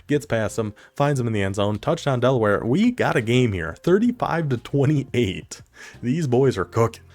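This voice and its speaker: A man giving casual play-by-play commentary on a football video game, excitable and quick to laugh. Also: lowish voice. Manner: excitable, laughs often, talks to the viewer. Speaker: commentator of an online video game dynasty league.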